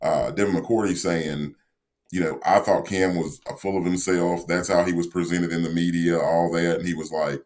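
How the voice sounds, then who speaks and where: A man co-hosting a sports podcast, talking in a measured, reflective way with frequent fillers. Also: deep voice, little pitch movement, darkish tone. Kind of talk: casual sports analysis.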